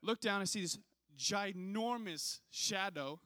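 A male pastor telling a funny story in a sermon, animated and self-mocking, often checking in with the audience. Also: sits high, takes it slowly, no echo.

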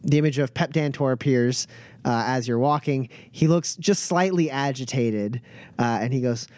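Halting male game master. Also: mid-range voice, a little mellow, no room sound. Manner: halting, many fillers and restarts, laughs often. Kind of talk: narrating a tabletop game.

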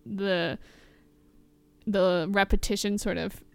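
Woman host chatting about lyrics, smooth clear voice, lots of "like". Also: mid-range voice, fairly even intonation, slow pace. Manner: chatty, many "like" fillers. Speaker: podcast host. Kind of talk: casual podcast chat about song lyrics.

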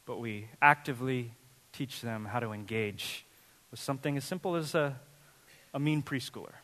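A man in his thirties preaching a sermon as pastor, telling funny, animated family stories. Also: medium pitch, moderate pace, long reverb tail. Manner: animated, humorous storytelling. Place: church sanctuary.

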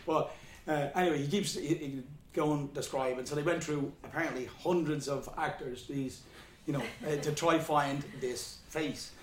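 A man with a slightly high voice tells a story at a Q&A. He swears freely and laughs as he talks. His voice rings in a roomy hall over a faint background hum. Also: steady tone, normal speed. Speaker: guest speaker on animation. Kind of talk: anecdotal Q&A talk.

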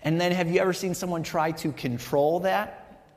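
A man's voice: high-pitched, fairly even intonation, moderate pace, darkish tone. A man in his thirties, a pastor giving a conversational sermon, telling the story casually and checking in with the congregation with frequent "right?" asides. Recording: long hall reverb.

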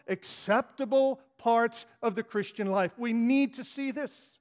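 Slow, dramatic male preacher. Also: very high voice. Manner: slow, dramatic delivery swinging from loud declarations to hushed near-whispers. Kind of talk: sermon.

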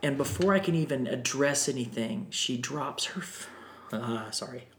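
A man, a singer guest on a podcast, telling an emotional story in an animated way. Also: mid-range voice, moderate pace, a little hiss or hum. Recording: roomy echo.

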